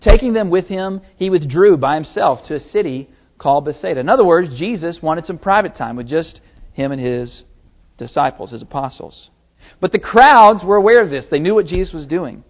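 A man preaching a sermon, retelling a story with lively acted-out quotes. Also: on the high side, normal speed. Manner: animated storytelling, acting out quotes. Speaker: pastor. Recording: tinny phone-like sermon recording.

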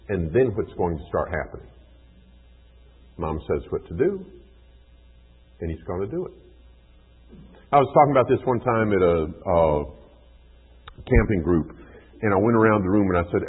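A man's voice: on the low side, slightly rough. A man giving an informal lecture on child training, telling stories animatedly and acting out the scenes. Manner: animated storytelling, acts out scenes. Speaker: teacher of a class on child training. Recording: tinny phone-like sound with long hall echo.

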